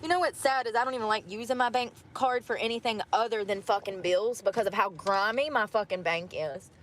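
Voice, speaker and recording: A woman's voice: mid-range voice, a little fast, slight background noise. A woman vlogging casually, talking bluntly and swearing freely as she vents about her day. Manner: blunt and profane, venting. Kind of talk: casual vlog chat.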